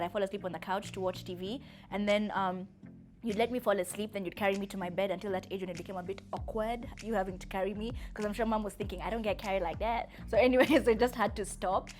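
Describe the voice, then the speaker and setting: A woman's voice: medium pitch, darkish tone. A young woman, fondly addressing her father in a chatty, giggly, emotional way. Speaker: vlogger. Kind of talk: heartfelt personal address.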